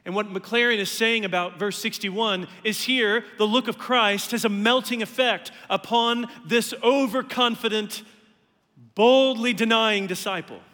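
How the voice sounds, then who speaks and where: A man's voice: sits high, fairly even intonation, unhurried, pushed and bright, long reverb tail. A man preaching a sermon earnestly, his voice climbing emphatically on key words. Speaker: pastor.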